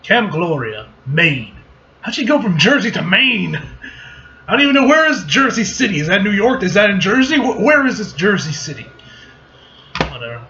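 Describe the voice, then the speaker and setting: Animated young man reacting to a comic. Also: high-pitched, moderate pace. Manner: profane, blunt and jumpy. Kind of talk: casual comic reading reaction. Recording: lo-fi recording with faint noise.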